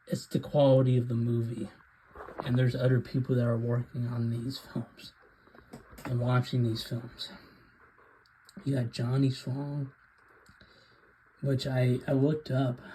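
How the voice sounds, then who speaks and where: A man with a medium-pitched, mellow voice hosts his own video, giving a casual, rambling rant about films. He hesitates often and says "um" a lot, and the poor audio carries a little hiss or hum.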